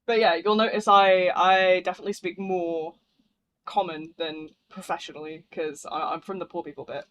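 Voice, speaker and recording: A man's voice: high voice, steady tone, moderate pace, fairly bright tone, a little hiss or hum. A man with a northern English accent and a thick voice, live streaming a game in a rambling, slangy, casual chat with viewers. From northern England.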